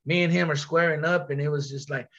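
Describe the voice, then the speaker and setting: Animated slangy man, slightly higher voice. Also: fast, highs cut off. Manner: slangy, animated, full of repeats and restarts. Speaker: podcast guest telling a story. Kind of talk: casual storytelling.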